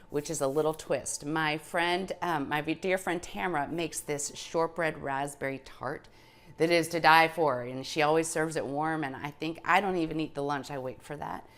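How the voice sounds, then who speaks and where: A woman's voice: sits low, creaky. A middle-aged woman chatting casually as she demonstrates a recipe in her home kitchen. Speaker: cooking show host.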